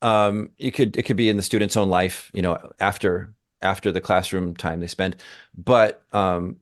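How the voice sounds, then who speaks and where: Emphatic, lower-voiced man in podcast discussion. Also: steady tone, normal speed. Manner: emphatic and engaged, thinks aloud with restarts. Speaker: co-host, language teacher.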